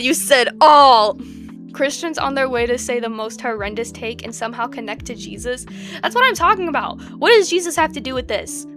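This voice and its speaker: A young woman reacting to posts in casual commentary, rambling and exasperated, sliding from low mutters to loud outbursts. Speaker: video creator reacting to posts. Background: guitar music.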